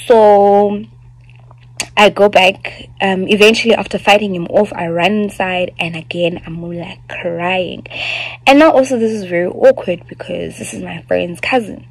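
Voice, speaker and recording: A woman's voice: medium pitch, steady tone, measured pace, gravelly, no room sound, poor audio. A South African woman in her twenties, speaking candidly as a vlogger telling a personal story, with lots of fillers and asides.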